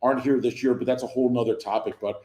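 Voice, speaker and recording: A man's voice: mid-range voice, steady tone, quick pace, mellow, dull audio. A man in his fifties, a guest on a live sports chat, rambling with wry humor. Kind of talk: casual chat. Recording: echoey remote call audio.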